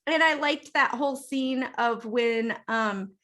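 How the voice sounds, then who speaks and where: A woman co-hosting a casual movie review podcast, laughing often and acting out characters in quick funny voices. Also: fairly high pitch, a bit bright. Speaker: podcast co-host.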